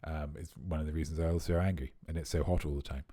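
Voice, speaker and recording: A man's voice: a bass voice, steady tone, quick pace, few pauses, dark tone. A man hosting a quiz livestream, riffing playfully and at length on viewers' answers. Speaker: quiz host.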